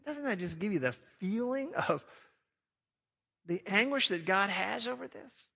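Guy preaching a sermon, high voice, lots of reverb, gets loud then goes real quiet. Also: animated, a little slow, vocal fry. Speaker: pastor.

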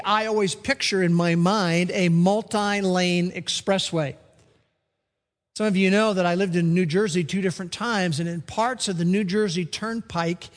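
A man with a high voice delivers a sermon at a slow, deliberate pace. He now and then acts out comic voices for the people in his stories. His words ring out with the long reverb of a large church hall. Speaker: pastor.

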